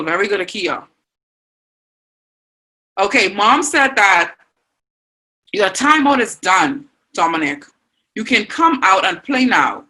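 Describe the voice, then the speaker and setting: A woman's voice: medium pitch, pushed and bright, rough recording. Encouraging Bahamian woman teaching online. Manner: encouraging, reads out student answers. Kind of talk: online class lesson.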